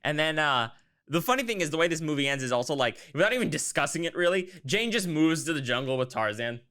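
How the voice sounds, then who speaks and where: Fast-talking man rambling about a movie. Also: a little high, lively intonation, pushed and bright, smooth. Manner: rambling, jokey, mock-quoting characters. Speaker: podcast co-host. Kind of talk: casual movie review chat.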